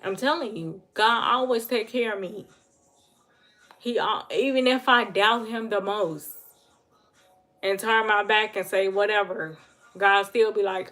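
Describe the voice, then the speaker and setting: A woman's voice: mid-range voice, measured pace, long pauses, fairly bright tone, soft background music. A woman giving an earnest, emotional talk about faith to viewers on her livestream. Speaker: livestream host. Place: home livestream.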